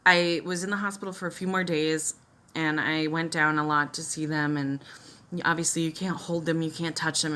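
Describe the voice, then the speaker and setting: A woman's voice: low-pitched, a bit bright. A young woman vlogging as she does her makeup, telling a personal story in a chatty, emotional way with many fillers and restarts.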